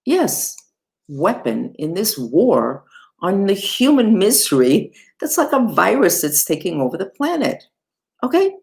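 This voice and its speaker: Chatty, expressive woman teaching meditation. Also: unhurried, creaky. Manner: chatty and expressive, with wide swoops in pitch; self-deprecating asides. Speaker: spiritual teacher. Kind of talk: casual online teaching of mantras and mudras.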